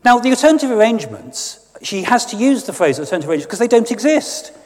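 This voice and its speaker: A man delivers a sardonic, emphatic political speech. His voice sits high and swings widely in pitch. A long reverb from the church trails behind his words. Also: big pitch swings, quick pace, a little mellow. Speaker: guest speaker.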